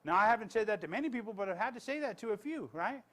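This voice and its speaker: A man's voice: high voice, expressive, rapid-fire, a bit bright. A man, a pastor, giving a blunt, conversational sermon with many restarts and asides.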